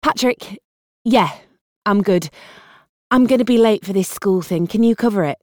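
A woman reading an audiobook, voicing a harried young woman with a British accent who juggles phone calls while driving and talks in a brisk, exasperated way. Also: medium pitch, darkish tone, no echo, studio quality, lightly acted. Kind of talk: audiobook character voice.

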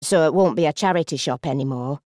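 A woman voicing a chatty, self-satisfied elderly customer who speaks sagely and slowly. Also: low-pitched, dark tone, no room sound, studio quality, close to an everyday voice. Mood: prim. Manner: sage, self-satisfied, slow.

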